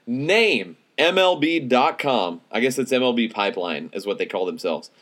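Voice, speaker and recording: A man's voice: medium pitch, sing-song, measured pace, fairly bright tone. Man co-hosting a casual sports podcast. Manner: teasing, quizzing his co-host. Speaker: podcast co-host.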